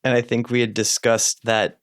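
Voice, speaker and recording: A man playing in a tabletop role-playing game, speaking calmly and matter-of-factly. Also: medium pitch, moderate pace, no room sound. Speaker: player. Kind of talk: casual game chat.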